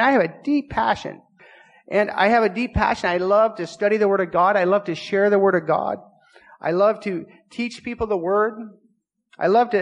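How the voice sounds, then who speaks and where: A man's voice: sits high, long reverb tail, poor audio. A man preaching a sermon as pastor of a small church, earnest and confessional, often repeating himself, just getting over being sick. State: recovering from illness.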